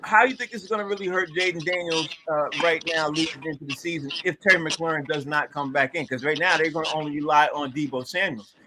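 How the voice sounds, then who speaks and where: A man's voice: on the high side, quick pace, noisy background. A man hosting a casual sports talk show, easygoing and slangy, putting questions to his co-hosts. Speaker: podcast host.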